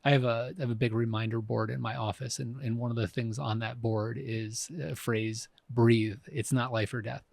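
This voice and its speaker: A man's voice: mid-range voice, level tone, normal speed, vocal fry, hardly any pauses, a little mellow, dry recording. A man in his fifties co-hosting a podcast, talking reflectively and often restarting his sentences. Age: 50s. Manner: reflective, frequent restarts and fillers. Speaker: podcast co-host. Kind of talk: casual conversation.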